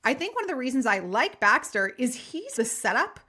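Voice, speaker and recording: Bright-voiced woman podcast co-host. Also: high-pitched, big pitch swings, a little fast, husky. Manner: swears casually, acts out characters' lines in quotes. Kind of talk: casual film-review chat.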